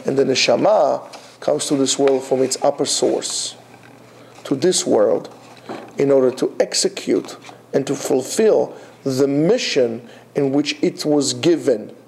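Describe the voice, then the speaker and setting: A man's voice: medium pitch, a little slow, vocal fry, darkish tone, slight background noise. A man teaching a Torah class in a classroom, emphatic, repeating his phrases and asking rhetorical questions.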